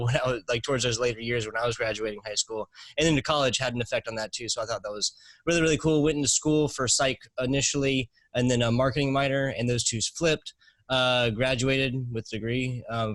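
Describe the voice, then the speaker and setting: A man's voice: mid-range voice, a bit bright, no echo, poor audio. A young man rattles off answers in a casual interview, full of fillers and restarts. His voice sits in a middling register, and the sound is dry and close. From South Carolina, US. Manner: fast-talking, rambling with fillers and restarts. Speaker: guest, esports commentator.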